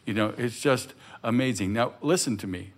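An older man on stage talking warmly and haltingly about a fellow actor's work, full of restarts. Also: medium pitch. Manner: effusive, halting, many restarts. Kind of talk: conversational chat. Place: stage before a live audience.

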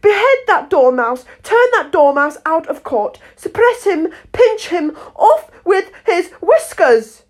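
A woman's voice: high-pitched, huge pitch swings, measured pace, few pauses, fairly bright tone, pitched above the performer's own voice, heavily acted. A woman voicing a furious storybook queen who shrieks her commands.

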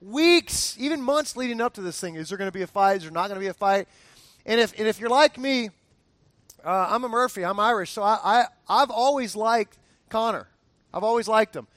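A man delivers a sermon in a high voice, recorded dry and close. He is chatty and humorous, often tripping over and repeating his words, and asks the congregation to answer aloud. His delivery is animated and conversational. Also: fairly quick, dry recording. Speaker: pastor.

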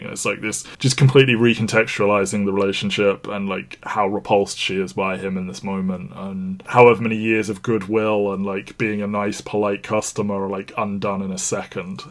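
A man's voice: lowish voice, little pitch movement, moderate pace, few pauses. A man co-hosting a film podcast, talking casually and animatedly, swearing freely and acting out lines from scenes. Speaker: podcast co-host.

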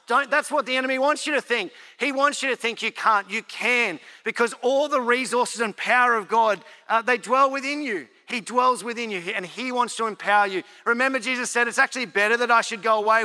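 A man preaching a sermon in a high, bright, ringing voice. He talks earnestly and conversationally, acting out his own inner dialogue. The sound carries a long hall reverb. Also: brisk, hardly any pauses. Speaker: pastor.

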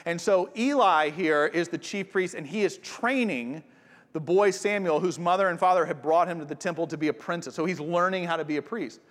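A pastor preaching a sermon, talking conversationally and directly to the congregation. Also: male voice, sits high, a bit bright. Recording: long hall reverb.

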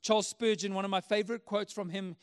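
Very high-voiced male pastor preaching. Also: level tone, fast, clean tone. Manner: earnest, emphatic preaching with repeated phrases. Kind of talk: sermon.

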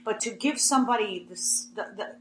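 A woman's voice: mid-range voice, brisk. A middle-aged woman in a casual podcast chat, giving firm opinions and repeating herself as she makes a point. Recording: echoey room with faint hum.

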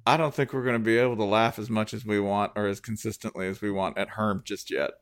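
A man co-hosting a casual sports podcast, joking and animated, his voice jumping up when excited. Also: on the low side, quick pace, clean tone. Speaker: podcast co-host.

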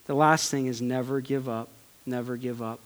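Guy preaching passionate sermon, loud then hushed, church hall echo trailing off. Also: mid-range voice, steady tone, moderate pace, background noise. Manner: passionate, swings between loud urging and hushed pleading. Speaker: pastor. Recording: long hall reverb.

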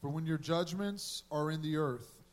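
A man reading a scripture passage aloud at a steady, measured pace. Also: fairly high pitch. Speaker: scripture reader.

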